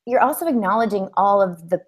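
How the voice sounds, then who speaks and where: A woman hosting a coaching-style conversation, speaking in a meandering, reflective, gently affirming way. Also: mid-range voice, animated, brisk. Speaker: host.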